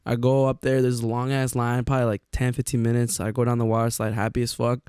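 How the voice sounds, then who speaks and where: A young man co-hosting a podcast, telling stories in a casual, profane, animated way and acting out the quotes. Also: medium pitch, fast talker, clear, resonant tone, dry recording, clean studio sound. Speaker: podcast co-host. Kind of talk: casual storytelling chat.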